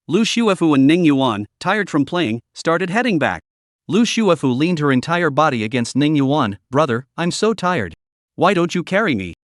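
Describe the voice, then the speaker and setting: A man narrating a comic story recap in a scripted, lively storytelling manner. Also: on the high side, no echo, studio quality.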